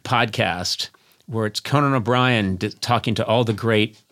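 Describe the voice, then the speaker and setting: A man's voice: fairly low pitch, unhurried, fairly bright tone. A man hosting a comedy podcast, chatting playfully and drifting into silly bits. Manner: playful, jumps into silly voices. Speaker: podcast host. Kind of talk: casual comedic chat.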